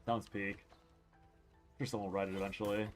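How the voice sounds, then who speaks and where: A man's voice: on the low side, level tone, brisk, faint music behind. A man streaming a game, chatting casually and rambling with jokes, swearing and frequent laughter while tired and yawning. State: sleepy, yawning. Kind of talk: casual live-stream commentary while playing.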